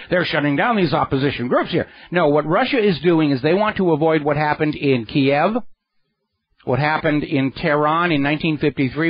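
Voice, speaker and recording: A man's voice: fairly high pitch, no room sound. A man hosting a radio talk show, delivering a sarcastic, indignant political monologue into a studio microphone. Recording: dry, slightly dull radio studio sound.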